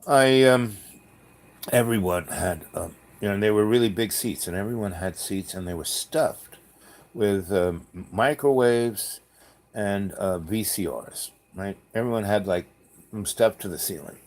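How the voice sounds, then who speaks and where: A man with a fairly low voice tells a story in a casual way. He wanders off on tangents and restarts his sentences often. He keeps dropping in dry, jokey asides. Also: a little slow. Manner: rambling, full of fillers and restarts, jokey asides.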